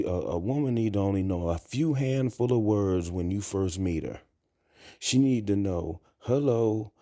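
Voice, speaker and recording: Man, blunt crude rambling talk, mellow dark tone, dry close sound. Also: fairly low pitch, dry recording. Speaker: vlogger. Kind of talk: casual monologue.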